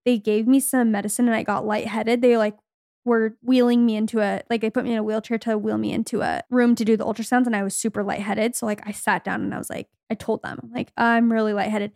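Speaking fast with a fairly high, creaky voice, a twentysomething woman co-hosts a podcast in studio quality with no room sound. Her casual chat is chatty storytelling, and she brings quoted people to life with animated voices.

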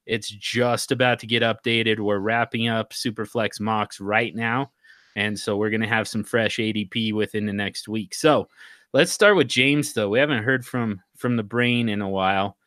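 A man's voice: mid-range voice, unhurried, fairly bright tone, dry recording. A man hosting a casual podcast conversation, joking and teasing his co-hosts with plenty of fillers. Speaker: podcast host.

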